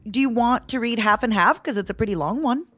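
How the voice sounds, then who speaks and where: A woman guest streamer chatting and reading fan fiction entries, effusive and quick to laugh, with many encouraging hums. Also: fairly high pitch, animated, fairly bright tone, no room sound, faint music behind. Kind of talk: casual stream chat.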